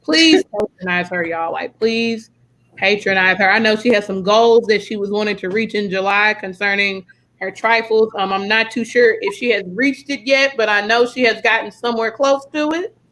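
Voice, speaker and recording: A woman's voice: medium pitch, normal speed, a bit bright, poor audio. A young American woman hosting a casual podcast chat, friendly and full of fillers. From United States. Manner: chatty, friendly, lots of fillers. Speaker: podcast host.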